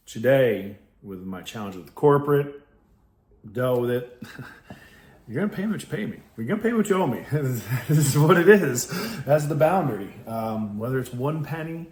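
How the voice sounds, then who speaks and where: A man's voice: medium pitch, darkish tone, slight background noise. A man from New York hosting a podcast, talking casually and bluntly with swearing and frequent laughs, and sometimes reading passages aloud. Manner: blunt, profane, laughs often. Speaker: podcast host. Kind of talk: reflective casual monologue with read passages. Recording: roomy echo.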